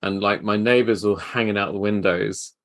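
Low-voiced man telling stories, dry. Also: moderate pace, dry recording. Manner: relaxed storyteller. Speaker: host, tailor. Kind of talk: casual interview chat.

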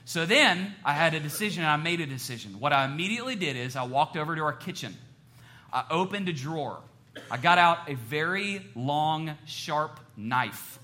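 Joking with the congregation as he tells animated stories, a middle-aged man preaches a sermon as a pastor. His voice runs a little high.

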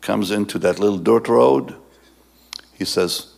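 A male pastor tells a story during his sermon, animated and laughing often, then drops low and soft for the serious moments. His voice is creaky and he takes his time.

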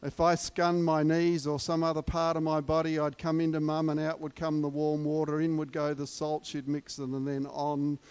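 A man's voice: on the high side, monotone, normal speed, hardly any pauses, darkish tone, smooth. A man preaching a sermon, emphatic and repeating key words for weight.

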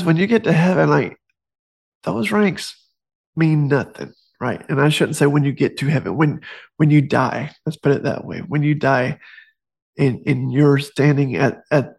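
A man's voice: a little high, vocal fry. A man giving a casual faith talk, conversational and digressive, reading passages from his own book with joking asides. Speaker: Christian author and speaker.

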